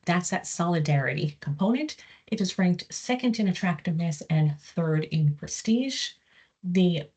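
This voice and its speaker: A woman with a low, husky voice delivers an academic presentation as a professor. She explains research findings in a measured, step-by-step way, with frequent filler words between points. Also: a little mellow. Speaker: psychology professor giving a research talk.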